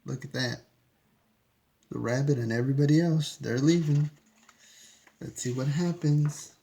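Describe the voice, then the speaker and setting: A man with a gravelly, mellow, medium-pitched voice reads a picture book aloud to children at a measured pace. As the storyteller, he keeps it chatty and asks his listeners questions between pages.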